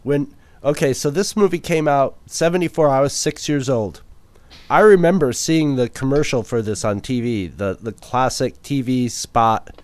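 A man in his fifties tells a story animatedly on a podcast. His voice is smooth and resonant, recorded close and dry with no room sound. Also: medium pitch, normal speed, a little mellow, no room sound. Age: 50s. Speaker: podcast co-host. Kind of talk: casual podcast chat.

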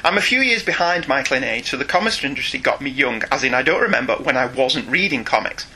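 A man's voice: mid-range voice, expressive, fast, pushed and bright, slightly rough. A middle-aged British man co-hosting a podcast, reading listener emails aloud, teasing and laughing often. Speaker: podcast co-host, father.

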